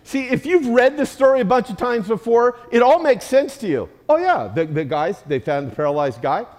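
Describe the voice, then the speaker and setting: Animated storytelling preacher, high voice. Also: male voice, normal speed. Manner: animated, humorous, acts out voices. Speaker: guest speaker. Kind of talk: storytelling sermon. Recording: echoey hall.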